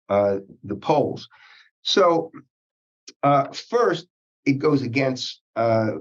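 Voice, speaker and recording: A man as an interview guest, speaking in measured legal phrasing, halting often with uhs and restarts. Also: medium pitch. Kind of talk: policy interview. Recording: dull lo-fi sound.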